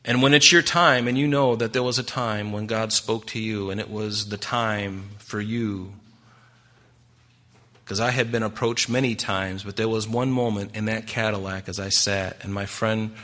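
A man's voice: lowish voice, fairly even intonation, moderate pace, bright, forceful tone. A man preaching a sermon in a conversational way, asking the congregation rhetorical questions and acting out the voices in his stories. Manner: acts out quoted voices. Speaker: pastor.

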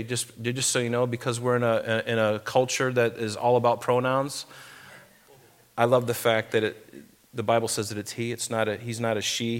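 A middle-aged man giving a conversational sermon as a pastor. He talks casually between verses and slows down, with weight, when he reads scripture aloud. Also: mid-range voice.

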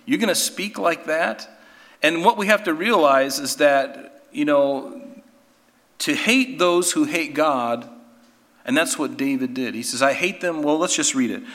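A man's voice: a little high, measured pace, fairly bright tone. Earnest preacher man in a hall. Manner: earnest, emphatic, with repeated restarts and rhetorical questions. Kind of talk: sermon. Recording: long reverb of a hall.

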